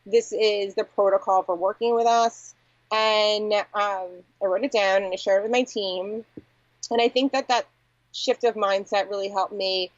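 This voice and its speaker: A woman's voice: mid-range voice, fairly even intonation, normal speed, dry recording. Candid woman guest, dry dull audio. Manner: candid, reflective, frequent "like" and "you know". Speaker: agency founder, podcast guest. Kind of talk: conversational interview.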